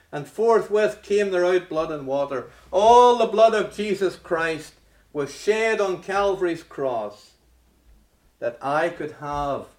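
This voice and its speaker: A man preaching a sermon with dramatic swings from loud rhetorical questions to hushed near-whispers. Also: on the high side, distant mic. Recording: echoey room.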